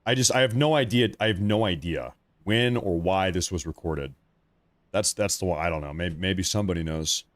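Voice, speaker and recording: A man in his thirties with a fairly low voice hosts a casual live stream. He rambles and repeats himself in an easy, conversational way. The sound is dry and close, with no room echo. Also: moderate pace.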